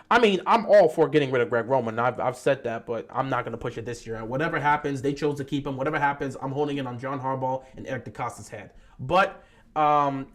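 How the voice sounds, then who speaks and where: A man hosting a live-stream football talk show, greeting viewers and arguing his points animatedly. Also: high-pitched.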